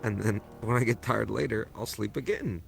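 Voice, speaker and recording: Gravelly, low-voiced guy cracking dry jokes. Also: normal speed, soft background music. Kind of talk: casual chat.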